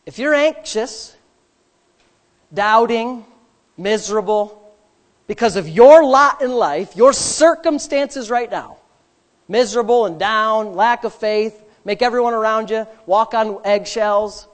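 A man pastor preaching a sermon, animated, swinging between loud and hushed, with humorous personal asides. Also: high voice.

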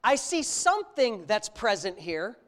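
A middle-aged man preaching a sermon, telling a personal story and then exhorting his listeners boldly, with rising loud emphasis. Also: high-pitched, sing-song, unhurried. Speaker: pastor.

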